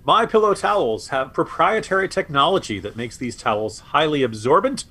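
A man's voice: on the high side, lively intonation, moderate pace, pushed and bright, slightly rough. Sarcastic, stammering male podcast co-host. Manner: exasperated, sarcastic, stammers and restarts. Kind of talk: political podcast commentary.

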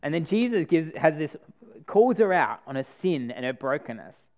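Aussie guy giving a sermon, jokey and casual, kinda high voice, does all the characters. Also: normal speed. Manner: animated, acts out the people in the story; casual, joking. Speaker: preacher.

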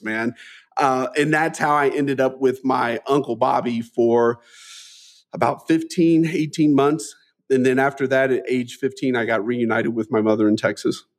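In a conversational interview, a fortysomething Midwestern man with a mid-range voice shares his life story with earnest, animated energy. Phrases get restarted often, and he drops a friendly "man" into his talk.

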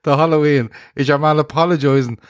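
A man's voice: fairly high pitch, steady tone, fast talker, clear, resonant tone, no echo, studio quality. An Irish man hosting a casual podcast chat with friends, joking, cutting in and swearing freely. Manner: jokey, interrupting, swears freely. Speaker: podcast host. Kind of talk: casual banter among friends.

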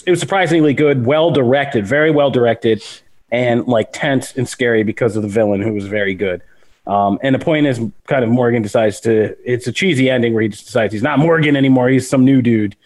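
Animated man hosting a chat podcast. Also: mid-range voice, brisk. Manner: animated storytelling, playful exaggerated quotes. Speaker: podcast host. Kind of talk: casual chat.

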